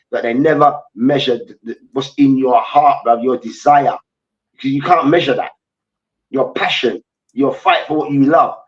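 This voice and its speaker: A man's voice: fairly high pitch, distant mic, dull audio. A man co-hosting a heated sports debate, ranting animatedly with lots of slang and swearing. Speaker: co-host.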